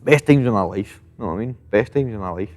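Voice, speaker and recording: Scottish male boxer in his thirties, deep-ish voice, loose and profane, recorded with lingering reverb. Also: expressive, quick pace, darkish tone. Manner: swears freely, fills with "mate" and "know what I mean". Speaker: professional boxer, guest. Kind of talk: casual interview reminiscing. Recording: long reverb.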